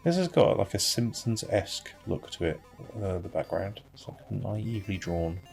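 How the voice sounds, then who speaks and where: British guy, gravelly lowish voice, offhand and wry gameplay commentary, faint game music under him. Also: very animated, normal speed, a little mellow. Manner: grumbling, wry and offhand, with dry asides. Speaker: retro game reviewer.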